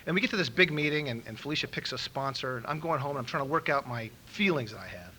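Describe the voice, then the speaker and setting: Bright, lively man telling his story at a meeting, acting out voices, faint room hiss behind. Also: medium pitch, fast, poor audio. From Los Angeles. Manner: animated storyteller acting out quotes, laughing. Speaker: recovery meeting speaker. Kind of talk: storytelling talk.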